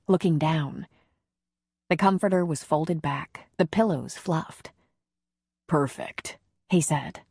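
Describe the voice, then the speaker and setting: A woman narrating an audiobook in a calm, even, intimate reading. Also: low voice, dry recording, studio quality. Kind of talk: scripted narration.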